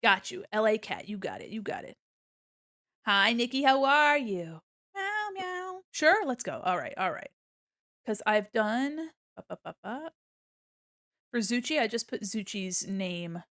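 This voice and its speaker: Chatty woman streamer with a lively voice. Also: medium pitch, moderate pace, no room sound, clean studio sound. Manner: chatty, playful, drifts into hums and silly sounds. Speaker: art streamer. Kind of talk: casual live-stream chat while drawing. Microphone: desk mic on a mic arm.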